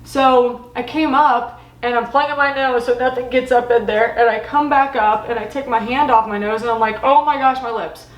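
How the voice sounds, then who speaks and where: A woman from Florida, hosting a casual storytelling vlog in a chatty, animated way, acting out her own quotes. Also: a little high, normal speed, few pauses, reverberant, distant mic, muffled recording. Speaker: host.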